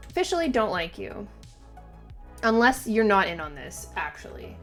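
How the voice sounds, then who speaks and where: A woman's voice: mid-range voice, lively intonation, normal speed, fairly bright tone. Woman host, casual manga reaction chat, emphatic and exasperated, filler-heavy, faint music under her. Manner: frequent "like" fillers and swearing.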